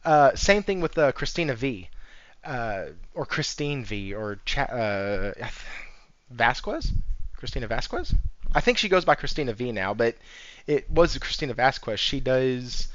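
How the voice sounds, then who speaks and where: A man's voice: medium pitch, sing-song, measured pace, a bit bright, dry recording. A man hosting a casual gaming livestream. He rambles, chuckles often and reads chat aloud. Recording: slightly dull, dry sound.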